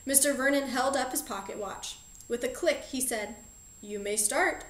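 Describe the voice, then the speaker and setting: A woman reads a children's storybook aloud, telling it in a clear, even way. Her voice sits a little on the high side, and the recording carries a roomy echo. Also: normal speed. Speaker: audiobook narrator. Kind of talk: storybook narration.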